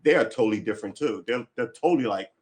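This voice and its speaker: A man's voice: mid-range voice, fast, darkish tone. Blunt, chatty man on a livestream. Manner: blunt, opinionated, swears freely, laughs often. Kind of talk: casual rambling chat.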